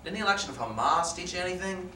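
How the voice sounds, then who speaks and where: A man's voice: sits high, animated, racing, slight background noise, exaggerated voice. A man playing a harsh, hateful army captain who barks orders and bullies, in a stage play reading. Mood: contemptuous. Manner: barking, bullying, shouting orders. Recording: echoey room, mic at a distance.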